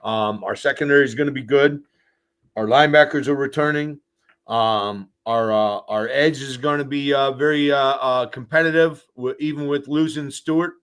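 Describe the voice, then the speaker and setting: A man's voice: medium pitch, normal speed, fairly bright tone, clean tone. A man, a former player appearing as a guest, giving direct, emphatic opinions in casual sports talk.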